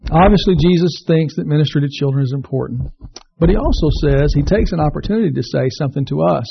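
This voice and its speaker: A man's voice: on the high side, gravelly, lo-fi sound. A man preaching a sermon in a conversational, self-deprecating way, mixing jokes with scripture. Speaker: pastor.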